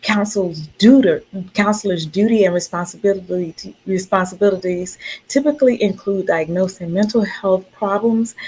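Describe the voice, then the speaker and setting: A woman hosting an online talk show, lively and emphatic, often repeating her phrases. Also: mid-range voice, breathy edge, rough recording.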